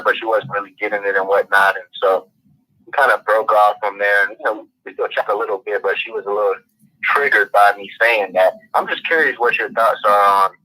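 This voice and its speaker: A man's voice: on the low side, sharp tone, husky. A man from Florida calls in with a question and tells a long, rambling, casual story. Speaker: caller. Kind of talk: phone-in question. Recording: tinny phone line.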